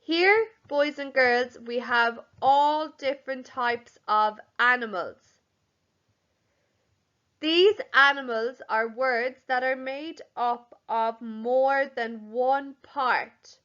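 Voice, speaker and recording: A young woman leads a home-learning lesson for infants, drawing out words slowly and clearly. Her voice sits high and bright. The recording is a little dull and lo-fi. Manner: slow, clear, sounding out words for young children. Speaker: primary school teacher. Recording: slightly dull, lo-fi audio.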